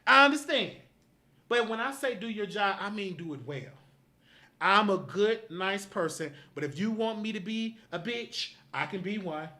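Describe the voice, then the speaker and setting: A man's voice: high voice, animated, normal speed, pushed and bright. A man hosting a live show, angrily scolding his producer in a profane, repetitive rant. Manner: repetitive, emphatic commands. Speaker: show host.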